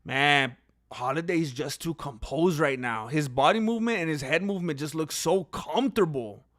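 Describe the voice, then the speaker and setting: A man's voice: on the high side, moderate pace. A young man giving casual live reaction commentary on a fight, opinionated and talking straight to his viewers. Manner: opinionated, talks to viewers, gets loud when excited. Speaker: fight watch-along commentator.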